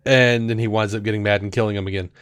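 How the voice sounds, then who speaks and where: A man's voice: on the low side, fast talker, clean tone, no echo. Rambling man on a podcast, dry sound. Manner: rambling, full of fillers and restarts; animated retelling that acts out quoted lines. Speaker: podcast co-host. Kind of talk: casual chat.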